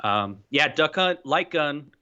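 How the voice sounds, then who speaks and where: A man co-hosting a casual livestream, bantering eagerly and pushing the talk along with a laugh. His voice is bright and forward, and his audio comes through dull and lo-fi. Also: a little high, lively intonation, slow pace, smooth. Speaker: livestream co-host.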